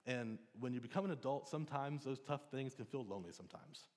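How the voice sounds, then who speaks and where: A man's voice: mid-range voice, fast talker, a little mellow. A man in his thirties, a pastor giving a conversational, earnest sermon in church. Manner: conversational, earnest, with frequent restarts and ums. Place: church sanctuary. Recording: long reverb of a church hall.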